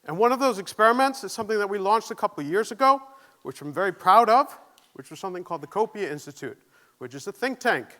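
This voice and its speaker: A man's voice: sits high, animated, fast, pushed and bright. A man giving a conference keynote, nervous but earnest, asking the audience questions and joking at his own expense. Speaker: keynote speaker. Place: conference stage.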